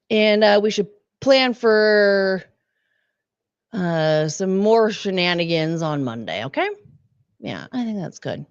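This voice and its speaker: A woman with a hoarse, sick voice, hosting a stream in casual, halting, rambling chat that pokes fun at herself. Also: mid-range voice, big pitch swings, no echo, dull audio. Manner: rambling, halting, self-deprecating. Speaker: streamer host.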